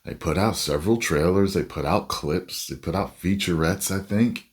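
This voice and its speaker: A man giving casual, animated movie reaction commentary with a rambling, self-interrupting manner. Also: deep voice, normal speed.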